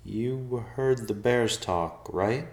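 A man's voice: deep voice, expressive, normal speed. An anxious tall man speaks in a lifted, hesitant voice, as a man puts him on. He is politely nervous, and the room echoes around him. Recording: roomy echo.

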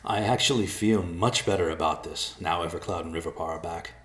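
A man's voice: low voice, brisk, fairly bright tone, reverberant. A man voicing a nervous adult man in a storybook reading, pleading earnestly and stammering.

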